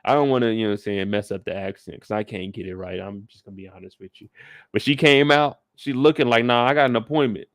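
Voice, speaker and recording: A man's voice: on the low side, fast talker, no echo, clean studio sound. A man hosting a casual live recap of a TV episode, talking in a laid-back, slangy way with joking asides. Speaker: show recap host.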